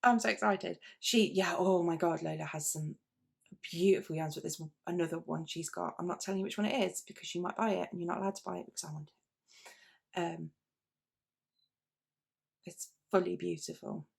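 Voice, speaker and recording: Hosting her knitting video podcast, a British woman with a British English accent chats casually to camera, rambling, interrupting herself, restarting and using fillers, with plenty of asides. Her voice sits on the low side, steady, creaky and slightly rough, at a moderate pace with frequent pauses.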